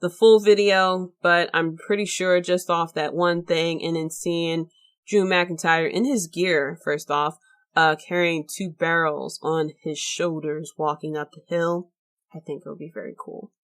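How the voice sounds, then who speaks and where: A woman with a fairly low voice hosts her own podcast alone. She talks casually and rambles a little, full of fillers and restarts, sounding tired late at night. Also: steady tone, measured pace. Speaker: podcast host. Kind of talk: casual solo podcast talk.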